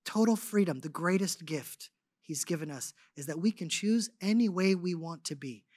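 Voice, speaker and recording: A man giving a sermon as a guest speaker, telling stories in an animated, conversational way with lots of casual fillers. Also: high voice, normal speed, no echo, clean studio sound. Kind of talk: storytelling sermon.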